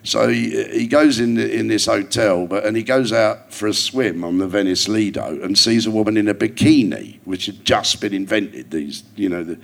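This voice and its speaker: A man's voice: lowish voice, normal speed, creaky, hardly any pauses. An older man, a guest comedian telling rambling, wry anecdotes in casual chat.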